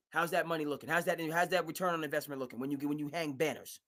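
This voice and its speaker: Host, male, high bright voice, animated and emphatic live sports talk. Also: quick pace, few pauses. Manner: animated, emphatic, mimics owners in asides.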